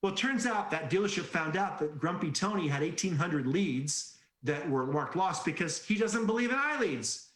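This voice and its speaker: A man giving an energetic sales-training presentation, telling stories and asking rhetorical questions. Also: a little high, moderate pace, hardly any pauses. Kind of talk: conference presentation. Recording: echoey room.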